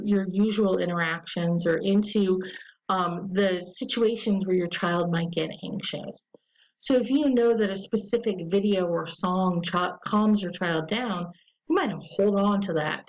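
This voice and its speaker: A woman presenting an educational webinar, talking casually with frequent ums and slowing into a soothing voice to model calm self-talk. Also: medium pitch, highs cut off.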